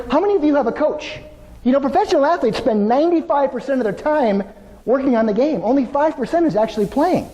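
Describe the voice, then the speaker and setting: A middle-aged man delivers a motivational keynote to a live audience. He tells stories with energy, asks the crowd questions and speaks up to fill the space. A long reverb trails his voice around the large hall. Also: very high voice. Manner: energetic storytelling, addresses audience directly.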